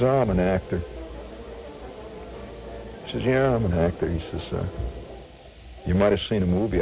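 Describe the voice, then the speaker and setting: An older man from Indiana recalls a wartime memory with a gravelly, lively voice that swings up and down, often restarting his phrases. The radio recording sounds dull and lo-fi, with faint music underneath. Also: low-pitched. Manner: animated reminiscing, restarts phrases. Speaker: storyteller. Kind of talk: personal war memory told on radio.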